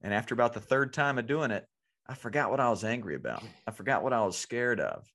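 Male podcast co-host, earnest, conversational, mid-pitched. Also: lively intonation, fast talker, fairly bright tone. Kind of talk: casual conversation.

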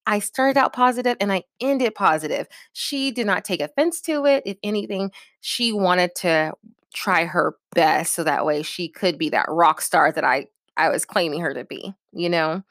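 A woman's voice: lowish voice, animated, normal speed, fairly bright tone, dry recording, studio quality. A woman giving casual, direct advice in a coaching manner, often checking in with her listeners. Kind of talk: casual advice talk to camera.

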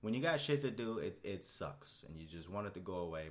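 A man's voice: lowish voice, sing-song, fast talker, few pauses. Laid-back, profane young man podcasting. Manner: laid-back, profane and rambling, voice jumping up when worked up. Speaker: podcast host. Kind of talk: casual solo podcast monologue. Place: Houston, Texas.

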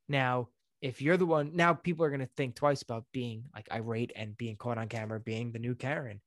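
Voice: mid-range voice, steady tone, dry recording, clean studio sound. A podcast co-host chatting casually, joking and stumbling through fillers. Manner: joking, halting with many fillers. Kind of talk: casual chat.

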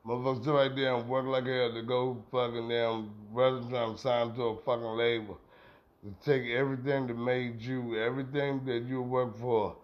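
A middle-aged man hosting a podcast, ranting in a heated, profane, rambling way. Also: medium pitch. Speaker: podcast host. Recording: dull lo-fi sound.

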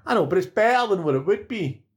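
A man's voice: sits high, lively intonation, fast talker. A man with a Scottish accent, co-hosting a podcast and ranting bluntly with plenty of swearing in casual chat about fights. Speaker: podcast co-host.

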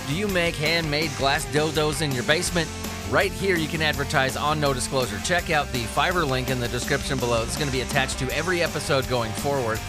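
A man hosting a podcast, talking in a sarcastic, profane and rambling way. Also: on the high side. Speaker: podcast host. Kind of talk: casual podcast monologue.

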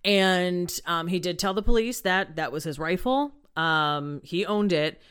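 A woman's voice: fairly low pitch, measured pace, a bit bright, smooth. A woman hosting a podcast, casually retelling a true crime case with lots of "um" and "like". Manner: chatty, many fillers like "um" and "like".

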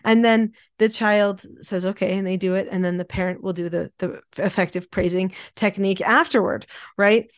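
A woman's voice: medium pitch, fairly even intonation, normal speed, no echo, studio quality. Emphatic woman explaining parenting methods. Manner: emphatic, explanatory, repeats key words. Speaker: parenting teacher. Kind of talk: instructional podcast talk.

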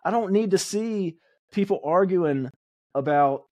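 A man's voice: sits high, expressive, a little slow, darkish tone, no echo. A man co-hosting a podcast in casual chat, talking bluntly and frankly and swearing casually. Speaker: podcast co-host.

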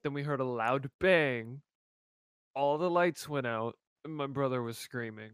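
Man, casual storyteller on a call, halting delivery, dry close sound. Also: mid-range voice, a bit bright, clear, resonant tone, no echo. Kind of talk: telling a ghost story on a call.

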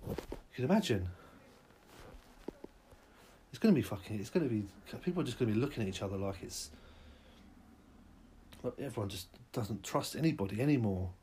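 A man's voice: on the low side, animated, brisk, long pauses, warm tone, slight background noise. A young man hosting a podcast, ranting through a profane, rambling comic monologue that keeps escalating. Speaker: podcast host.

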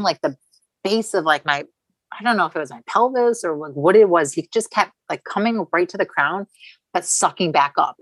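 A woman's voice: fairly low pitch, dry recording, rough recording. A woman in her thirties, a podcast guest, telling a long personal story in a chatty, candid way with casual swearing.

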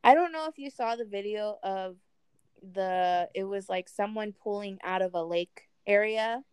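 A woman's voice: medium pitch, a little slow, darkish tone, smooth, no room sound. A woman in casual podcast chat, telling a story chattily with many fillers. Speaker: podcast co-host.

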